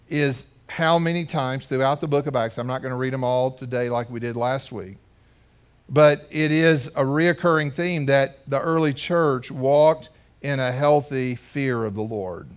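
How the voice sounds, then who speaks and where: A man's voice: medium pitch, measured pace, smooth. A man preaching a sermon as pastor in a church, telling a story in a conversational way and putting questions to the congregation. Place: church sanctuary.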